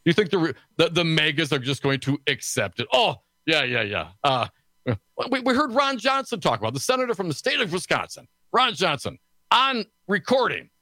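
A man co-hosting a political talk radio show in a studio, sarcastic and snarky, talking fast with lots of restarts. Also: fairly high pitch, big pitch swings, sharp tone, dry recording.

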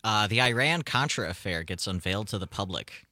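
A young man with a bright, somewhat low voice on a morning radio show. He asks curious questions into a dry close studio mic with no room sound. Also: animated, fairly quick, no room sound. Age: young adult. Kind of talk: casual morning radio chat. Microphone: studio microphone.

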